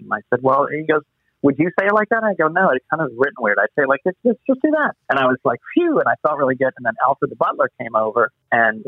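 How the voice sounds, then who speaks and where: Man, actor guest, animated storyteller, muffled phone-line sound, slightly husky. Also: medium pitch, no echo. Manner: animated storyteller acting out quotes. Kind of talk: casual interview anecdotes.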